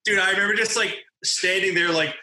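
A man's voice: high voice, fairly even intonation, fairly quick, pushed and bright, reverberant, poor audio. A man in his twenties from New Jersey, telling a story in casual chat, rambling with lots of fillers and swearing. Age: 20s. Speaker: podcast guest telling a story.

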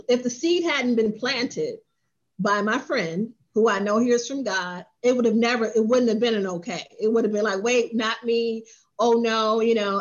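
A woman who owns a spa and coaches businesses, telling her story in an interview and lively when she acts out what others said. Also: a little high, lo-fi sound. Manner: animated, acts out quoted voices.

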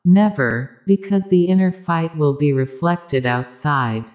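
Speaking in a mid-range voice, a spiritual teacher offers a composed, deliberate talk that leans on repetition and parallel phrases.

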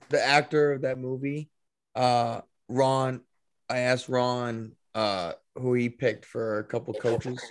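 A man co-hosting a podcast, talking in halting, rambling sentences. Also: medium pitch, dry recording. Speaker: podcast co-host. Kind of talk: casual chat.

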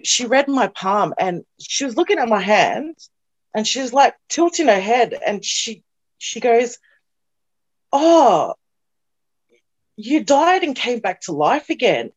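A young woman giving an emotional personal testimony as an interview guest, earnest and halting, often repeating herself, at times near tears. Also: a little high. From New Zealand.

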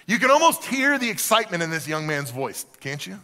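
A male pastor preaching a sermon in a church, animated and shifting down to soft emphasis. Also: high voice, a little fast, few pauses. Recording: reverberant hall.

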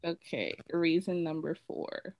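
Low-voiced woman telling stories candidly. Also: measured pace, dry recording, dull audio. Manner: candid, rambling storytelling with many fillers. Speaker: podcast co-host. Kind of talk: casual chat.

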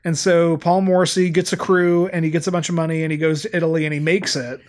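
A man's voice: a little high, little pitch movement, fast talker. A man co-hosting a podcast in casual chat, rambling and full of filler words. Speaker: podcast co-host.

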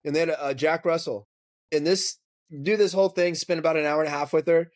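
Profane storytelling man, somewhat high voice. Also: fairly even intonation, fast. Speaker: podcast co-host and dog trainer. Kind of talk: casual podcast chat.

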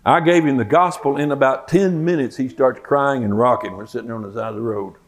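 A man's voice: medium pitch, brisk. An older man, a Bible teacher, telling a folksy personal story in a sermon and acting out the quoted lines.

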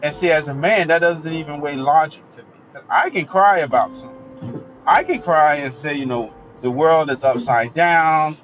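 A man's voice: a little high, fairly bright tone. A man giving a blunt, emphatic, opinionated solo monologue as a commentator. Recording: dull lo-fi recording with faint music.

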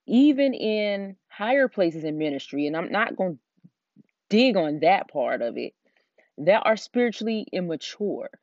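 A woman's voice: on the low side, darkish tone, dry recording. Brief: middle-aged woman, Southern drawl, chatty podcast host, dry and slightly dull recording. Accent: Southern American. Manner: chatty, rambling, frequent fillers. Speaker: podcast host and Christian life coach. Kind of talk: casual solo podcast talk.

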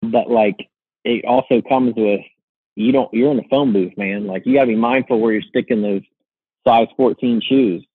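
Husky man rambling on a sports podcast. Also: mid-range voice, normal speed, dry recording, narrow, tinny audio. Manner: rambling, lots of "like" and restarts. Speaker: podcast host. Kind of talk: casual sports podcast chat.

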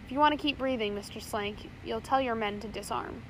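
A woman's voice: a little high, brisk, a little hiss or hum, lightly acted, low-quality recording. A woman reading the lines of a cool, menacing male pirate captain in a storybook. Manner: calm, threatening.

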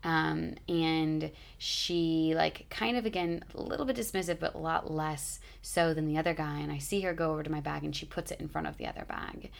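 Woman, 30s, low gravelly voice, casual rambling vlog storyteller with heavy filler words. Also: steady tone, normal speed, hardly any pauses. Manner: rambling, chatty, lots of "like" fillers.

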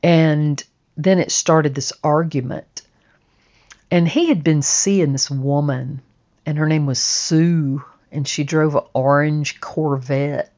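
Woman storyteller, low and unhurried, reflective drawl, slightly muffled recording. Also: fairly even intonation, darkish tone. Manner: slow, reflective, drawling recollection. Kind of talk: personal storytelling monologue.

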